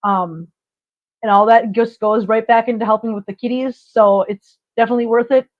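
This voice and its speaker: A middle-aged woman hosts a casual livestream in a voice on the high side, with a steady tone and normal speed. She tells stories chattily and laughs often, and the stream sound is dull and lo-fi.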